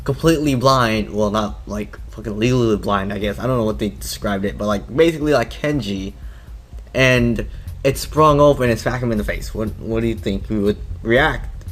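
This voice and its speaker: A man's voice: fairly low pitch, normal speed. A man reading a visual novel aloud, breaking off into profane, laughing asides. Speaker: let's play host.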